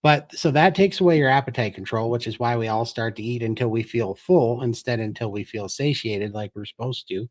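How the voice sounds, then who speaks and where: A man's voice: medium pitch, fairly quick, few pauses. A man as a guest on a live-stream chat, talking earnestly and explaining things step by step. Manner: earnest, explanatory, tells his story.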